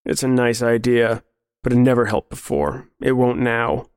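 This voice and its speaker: A man's voice: mid-range voice, animated, smooth, dry recording, clean studio sound, natural voice. A man playing a menacing, sneering brute. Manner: sneering, menacing, slow counting. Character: brutal bearded man, menacing, laughing at the world.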